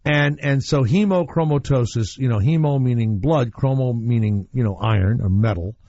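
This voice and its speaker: A man's voice: mid-range voice, normal speed, warm tone, no room sound. A man hosting a radio show, talking in a casual, rambling storytelling way. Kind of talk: casual talk radio chat. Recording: muffled radio broadcast.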